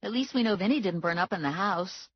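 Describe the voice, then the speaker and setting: A woman voicing a matter-of-fact woman office manager with a brisk manner. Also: mid-range voice, slightly rough, no room sound, muffled recording, voice pushed up, lightly acted.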